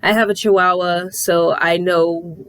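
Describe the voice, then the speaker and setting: A woman reviewing a comic in casual chat, animated and swearing freely as she recaps the story. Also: fairly low pitch, a little slow, clear, resonant tone.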